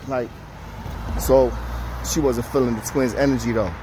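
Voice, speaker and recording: A man recounts his jail time to the camera at a moderate pace and medium pitch, speaking casual, profane street slang. He animates the tale by acting out the voices of the people in it. There's a little hiss or hum.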